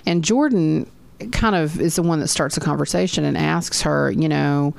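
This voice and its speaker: A woman's voice: low voice, normal speed, vocal fry. A young woman chatting casually as a podcast co-host, recapping scenes and quoting the people in them. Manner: chatty, retells scenes with quoted voices. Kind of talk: casual chat recapping a reality show.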